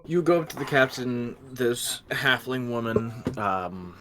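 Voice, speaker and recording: A man's voice: medium pitch, expressive, unhurried, crowd noise. A man running a tabletop game, narrating in a loose, rambling way. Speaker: game master.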